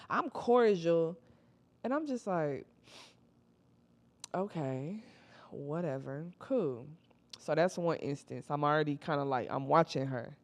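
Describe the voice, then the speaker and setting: A young woman vlogger telling a casual story in heavy slang, animatedly acting out what her friends said. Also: mid-range voice.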